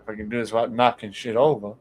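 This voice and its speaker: A man's voice: lowish voice, little pitch movement, very fast, a little hiss or hum, poor audio. A man hosting a casual late-night podcast from home, telling rambling stories, laughing and cursing freely. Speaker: livestream host.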